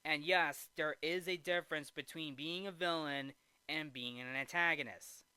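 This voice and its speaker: Bright, crisp-voiced rambling male reviewer. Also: a little high, fairly even intonation, moderate pace, no room sound. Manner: rambling, with frequent restarts and "right?". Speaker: movie reviewer. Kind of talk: casual unscripted review.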